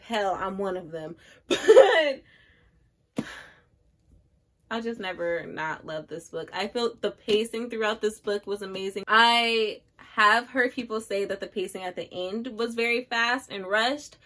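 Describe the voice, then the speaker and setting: A woman's voice: a little high, a bit bright. Gushing young woman book vlogger. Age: 20s. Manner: emphatic, gushing, talks straight to viewers. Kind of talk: casual book review chat.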